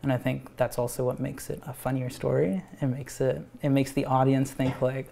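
A man, an animator pitching his own cartoon at a live event, talking in a rambling, animated way with frequent restarts and laughs. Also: normal speed, vocal fry, few pauses, slight background noise. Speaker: animator and show creator.

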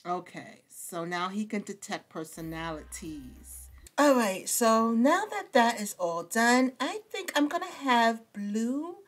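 A woman's voice: on the high side, expressive, slow pace, faint music behind. A young woman hosting a let's-play video, chatting casually in slang and talking to her game characters. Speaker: gaming channel host.

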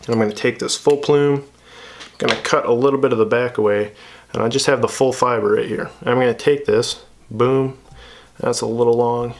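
A man of ordinary pitch talks through tying a fly step by step. His delivery is loose and conversational, full of "uh" and "um" and small restarts, like a teacher at his bench. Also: normal speed. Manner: relaxed, chatty, many fillers and restarts. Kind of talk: casual tutorial narration.

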